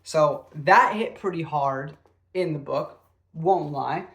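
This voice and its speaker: A man's voice: on the high side, takes it slowly, fairly bright tone. A man casually reviewing a classic novel, rambling and self-deprecating, with frequent fillers. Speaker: book reviewer.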